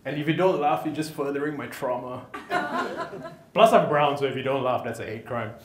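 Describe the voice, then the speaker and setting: A man's voice: medium pitch, very animated, normal speed, very noisy. A man doing stand-up comedy, with cheeky asides to the audience. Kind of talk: stand-up comedy with crowd work. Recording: live crowd in an echoey venue.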